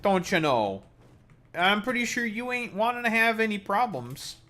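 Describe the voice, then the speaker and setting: Guy putting on a goofy mock canadian accent, high and sing-songy, scolding. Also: very animated, moderate pace, sharp tone, heavily acted. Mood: mock-stern. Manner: sing-song mock-stern teasing. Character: exaggerated stereotypical Canadian man, scolding.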